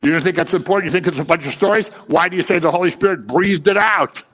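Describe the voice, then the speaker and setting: A man's voice: sits high, quick pace, fairly bright tone, in a large hall. A man preaching a sermon, impassioned and scolding, who acts out little scenes as he goes.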